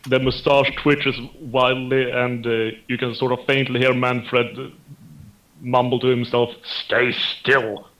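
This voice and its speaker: A man playing a tabletop game, describing his character's actions in a halting, amused way. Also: mid-range voice, little pitch movement, a bit bright, rough recording. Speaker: player.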